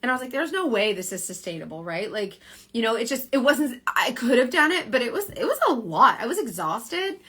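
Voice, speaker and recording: Bright chatty woman. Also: fairly high pitch, sing-song, a little fast, breathy edge. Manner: chatty and rambling, full of "like" and self-corrections. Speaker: direct sales team leader. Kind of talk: casual motivational livestream talk. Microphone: phone on a social media livestream.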